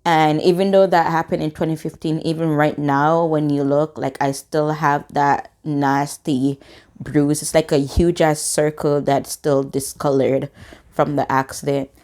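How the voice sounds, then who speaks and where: Brief: woman in her twenties, lower-pitched, casual storytime vlogger, curses often, acts out quotes. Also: unhurried. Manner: swearing, animated reenacted quotes.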